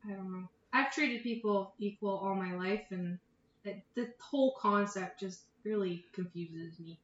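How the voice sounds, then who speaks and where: A Canadian woman co-hosting a casual podcast chat, blunt and quick to agree. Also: mid-range voice, a bit bright, reverberant, lo-fi sound. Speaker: podcast co-host.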